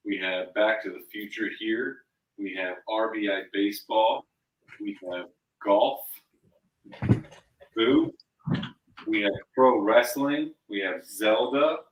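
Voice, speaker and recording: A man co-hosting a live comic shopping stream, pitching books and games with animated asides. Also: poor audio. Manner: animated, acts out story voices. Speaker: co-host selling comics.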